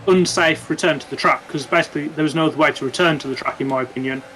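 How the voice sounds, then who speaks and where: Male co-host, fairly high voice, opinionated, hypothetical reasoning, faint noise. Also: very fast, fairly bright tone, poor audio. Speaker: podcast co-host. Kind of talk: casual chat.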